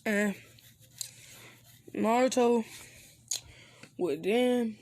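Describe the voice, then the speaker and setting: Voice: medium pitch, very slow, a little mellow, no room sound. Rambling, casual fan story narrator. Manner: rambling, full of fillers and restarts.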